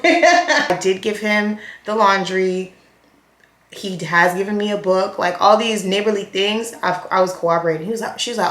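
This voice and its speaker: A woman's voice: medium pitch, moderate pace. Chatty young woman, echoey room. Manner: chatty, animated, acts out quotes. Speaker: vlogger. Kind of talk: storytime chat while doing makeup.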